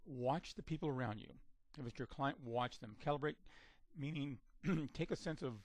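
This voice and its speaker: A communication trainer of average pitch gives an instructional talk, measured and steady, often repeating and restarting words as he explains each step. The recording is dry and close, with no room sound.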